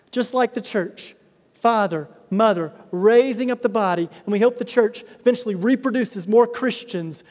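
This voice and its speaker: A middle-aged male pastor with a notably high voice delivers an earnest sermon, leaning on emphatic repetition. His words ring out with a long reverb, as if filling a large church sanctuary. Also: a little mellow. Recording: reverberant hall sound.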